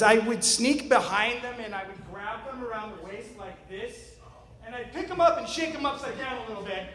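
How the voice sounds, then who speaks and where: A man in his forties with a rather high voice tells a personal story on stage, earnest and wryly funny. His voice rings through a roomy hall with a long tail of reverb. Faint ambience hangs under it. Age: 40s. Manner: earnest with wry humor.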